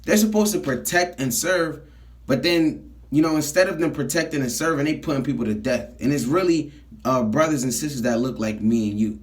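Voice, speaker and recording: A man preaches from scripture in a fairly high voice. He reads a verse aloud, then explains it in plain, blunt street talk. He keeps checking in with his listeners by asking "all right?". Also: fairly quick. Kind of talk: street sermon teaching scripture.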